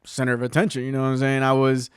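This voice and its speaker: A man hosting his own podcast, telling rambling, profane stories in a casual, excitable way. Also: mid-range voice, rapid-fire, clean tone, dry recording, clean studio sound. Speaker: podcast host. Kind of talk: casual solo podcast storytelling.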